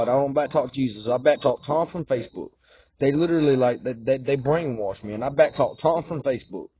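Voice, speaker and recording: A man rambling through a fervent, repetitive monologue, swinging between loud insistence and low muttering. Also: breathy edge. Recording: tinny phone-like dry recording.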